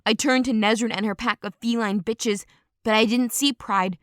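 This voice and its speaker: A woman narrating a first-person audiobook in a steady, dramatic storytelling manner. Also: on the high side, normal speed, dry recording, studio quality.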